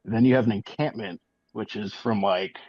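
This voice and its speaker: A male guest with a low voice tells his story in a halting, matter-of-fact way, with lots of fillers along the way. His audio is dull and lo-fi, as if he is coming in over a remote call. The sound is dry, with no room echo. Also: a little mellow. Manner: halting, many ums and likes, matter-of-fact. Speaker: guest, eyewitness. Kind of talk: casual interview storytelling.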